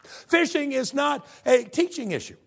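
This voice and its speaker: A man's voice: extremely high pitch, sing-song, moderate pace, creaky, a bit bright, husky, pitched above the performer's own voice, heavily acted. A man voicing a stubborn, put-upon male fisherman who complains in an exasperated way.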